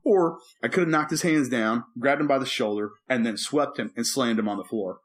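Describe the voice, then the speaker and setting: A man telling a story on a podcast in a relaxed, chatty way, with a mid-range voice. He acts out the quoted lines, sometimes breaking into snatches of song, then drops back to a low, steady tone. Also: brisk. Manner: animated storyteller who acts out quotes and sings movie lines. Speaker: podcast co-host, preacher. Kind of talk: casual chat, storytelling.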